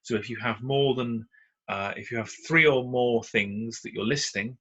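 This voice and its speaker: Patient husky British male teacher. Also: mid-range voice, moderate pace, fairly bright tone, lo-fi sound. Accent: British English. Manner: patient, explanatory, frequent "uh" fillers. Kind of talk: recorded slide lesson.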